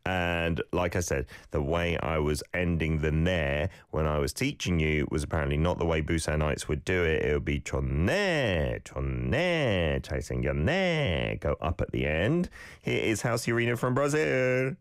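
A middle-aged man with a very low voice that still swings widely in pitch, explaining pronunciation in a casual, chatty lesson. The sound is dry and close, with no room echo. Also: expressive, normal speed, smooth. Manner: chatty, explanatory, reads out viewer comments. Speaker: language teacher and host.

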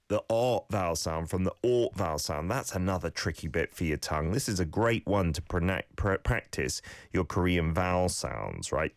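A man's voice: deep voice, animated, moderate pace, few pauses, no room sound, clean studio sound. A man hosting a radio language lesson, coaching listeners on their pronunciation with friendly feedback. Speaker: radio host teaching Korean.

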